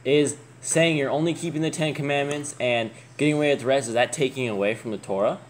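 Fast-talking man in a scripture chat. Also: mid-range voice, slight background noise. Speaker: co-host in scripture discussion. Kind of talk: casual discussion.

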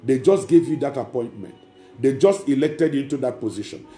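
A man's voice: mid-range voice, lively intonation, a little fast, dark tone, reverberant, faint music behind. A man, preaching a sermon as pastor, emphatic and repetitive, speaking straight to the congregation.

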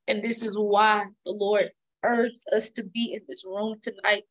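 A woman's voice: medium pitch, level tone, unhurried, low-quality recording. A woman hosting a live online prayer session, speaking fervently and repeating her words of praise.

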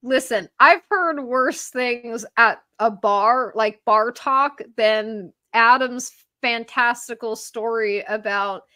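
A woman, a journalist guest on a podcast interview, talking in an animated, sarcastic way with many fillers. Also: a little high, slow, hardly any pauses, dry recording, studio quality.

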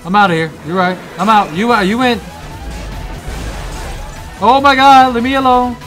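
A young man giving excitable let's-play commentary, swearing, laughing and talking back to the game as he plays. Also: very high-pitched, normal speed, faint music behind. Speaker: gamer playing through a video game.

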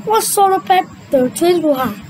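A young adult woman, a native Vietnamese speaker, reading a children's cartoon story aloud in a sing-song, drawn-out way and switching between character voices. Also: very high voice, expressive, a little mellow, slight background noise, rough recording. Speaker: storyteller voicing a cartoon retelling.

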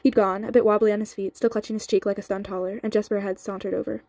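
A woman reading a novel aloud in a steady, even way, with a few slips and restarts, on sped-up audio. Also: medium pitch, fast, no echo. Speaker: audiobook reader.

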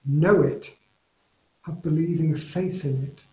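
A man with an English accent preaching a sermon in an earnest, measured way, leaning on key phrases. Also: fairly high pitch, a little mellow. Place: church or home, recorded for online service. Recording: roomy echo.

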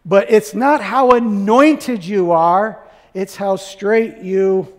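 A man's voice: high voice, slow, long reverb tail. A man preaching a sermon as pastor, asking the congregation one question after another.

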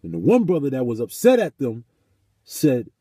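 A man's voice: mid-range voice, wildly swooping pitch, moderate pace, dark tone, slightly rough, dry recording. A man telling a story in a casual vlog and turning it into a sermon, cursing often and repeating phrases for emphasis. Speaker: vlogger.

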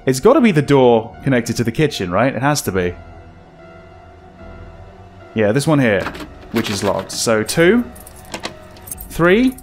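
A man commentating his horror game playthrough, talking to himself, startling and laughing nervously as he goes. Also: medium pitch. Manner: jumpy, laughing, talks to himself. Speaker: gameplay commentator. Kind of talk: let's play commentary. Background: game music.

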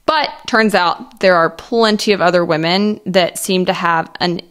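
A young woman hosting a reaction video, giving blunt, opinionated commentary in a lively way. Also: fairly low pitch, measured pace, clean tone.

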